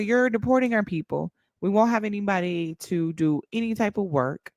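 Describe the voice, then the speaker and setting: A woman hosting a casual chat, animated and emphatic, swearing freely. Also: mid-range voice, normal speed, no room sound, studio quality. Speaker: host.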